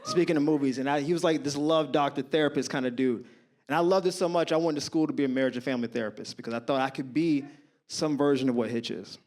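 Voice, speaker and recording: A man in his thirties doing stand-up comedy on a club stage, telling stories in an animated, slangy way and laughing through his punchlines. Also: medium pitch, quick pace.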